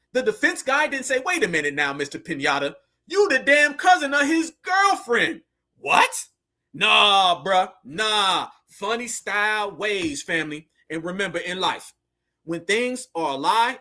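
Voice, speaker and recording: A man's voice: sits high, bright, forceful tone. A man hosting heated social commentary, fiery and preachy with lots of slang. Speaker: commentator host.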